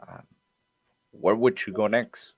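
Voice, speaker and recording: A man practicing a sales script as a trainee, rehearsing lines in a measured way with short fillers. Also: on the low side, vocal fry.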